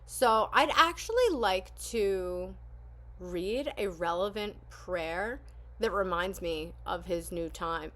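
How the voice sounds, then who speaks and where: A woman's voice: mid-range voice, slow, bright, forceful tone. Woman, casual reaction vlogger, candid and rambling, lots of "um"s. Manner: candid and rambling, with frequent fillers. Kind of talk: casual spoken commentary and prayer reading.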